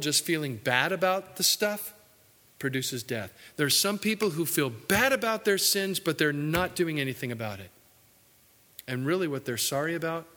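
A man preaching a sermon earnestly, his voice rising for emphasis and dropping low for asides. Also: sharp tone. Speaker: pastor. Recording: hall reverb.

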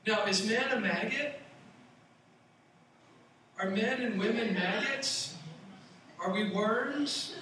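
Man, pastor, sermon, high-ish voice, conversational preaching, faint ambience, roomy echo. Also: slow, pauses often, sharp tone, far from the mic, a little hiss or hum. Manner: conversational preaching with playful asides.

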